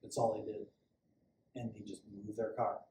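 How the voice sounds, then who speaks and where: A man's voice: on the low side, level tone, moderate pace, mellow. Plainspoken man police officer, echoey room. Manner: conversational, rambling, with repeated restarts. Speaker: police sergeant giving safety training. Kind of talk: casual spoken safety talk. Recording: echoey room, faint background hum.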